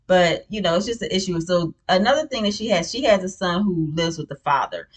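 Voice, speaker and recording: A woman's voice: fairly low pitch, a little fast. A woman recapping a reality show in casual, blunt, opinionated chat, with many "you know what I'm saying" fillers.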